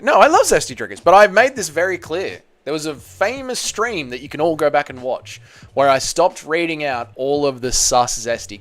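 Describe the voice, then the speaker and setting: An Australian man hosts a casual livestream, reading viewer comments aloud and bantering bluntly with lots of swearing. His voice is fairly high, a bit bright and smooth, with no room sound.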